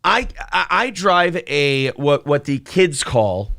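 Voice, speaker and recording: A man in his forties hosting a casual morning show, telling a long deadpan joke full of fillers and reading out chat comments. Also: fairly high pitch, slow, vocal fry, no echo, studio quality.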